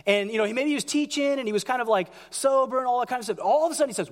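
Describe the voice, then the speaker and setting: A man preaching a sermon as pastor, animated, acting out quotes in a raised voice. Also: very high voice, racing. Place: large church hall. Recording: church hall with long reverb.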